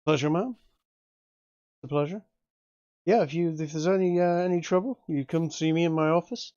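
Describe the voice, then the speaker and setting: A man voicing a friendly male frontier sheriff with a put-on old-time American accent, drawling and halting. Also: on the high side, fairly even intonation, mellow, dry recording, lo-fi sound, natural voice. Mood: welcoming.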